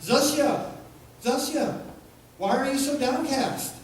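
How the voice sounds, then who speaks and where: Preacher doing god as a gentle high voiced guy asking questions, super echoey far off church sound. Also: slow pace, a little hiss or hum. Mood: gently questioning. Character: the Almighty, gentle questioning male deity.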